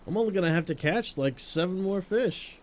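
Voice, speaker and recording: A man's voice: high voice, animated, fairly quick, slight background noise. Goofy young male streamer. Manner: goofy, laughing, hums and scats nonsense tunes. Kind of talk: casual live-stream gameplay chat.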